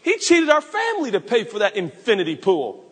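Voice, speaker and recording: A man voicing an indignant townsman, an adult male who shouts outraged questions. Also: high voice, wildly swooping pitch, brisk, husky, full character voice. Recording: echoey hall reverb.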